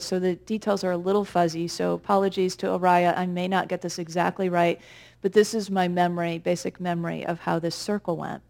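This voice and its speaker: A woman minister giving a conversational, gently humorous sermon with reflective pauses. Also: on the low side, gravelly.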